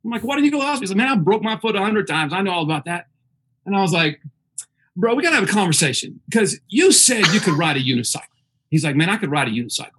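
A man's voice: high voice, quick pace, slight background noise. A man telling a funny story in a casual chat, acting out the voices of others and laughing as he goes. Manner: animated, acts out the voices of others.

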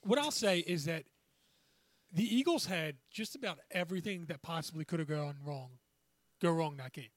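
A man, a podcast co-host talking sports in an animated, emphatic way. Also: on the high side, moderate pace, no echo. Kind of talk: casual sports chat.

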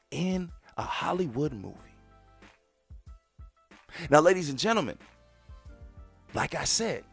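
A podcast host in his thirties tells a personal story in a slightly high voice. His pitch swings widely as he keeps calling out to his listeners. Faint music plays behind him. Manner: animated, keeps addressing listeners directly.

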